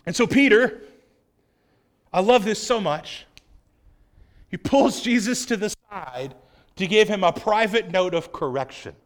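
Animated high-voiced male preacher. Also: unhurried, pauses often. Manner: animated, acts out quoted voices, swings from loud to hushed. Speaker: pastor. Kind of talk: sermon.

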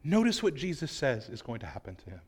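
A male pastor preaching a sermon, acting out quoted voices and swinging from loud outbursts to hushed lines. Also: mid-range voice, wildly swooping pitch, quick pace, breathy edge.

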